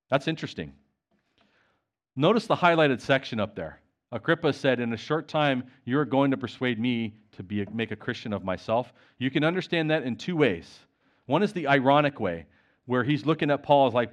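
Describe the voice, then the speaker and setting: Animated preacher man with lively pitch. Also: a little fast. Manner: animated, retells conversations and reads scripture aloud. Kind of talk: sermon.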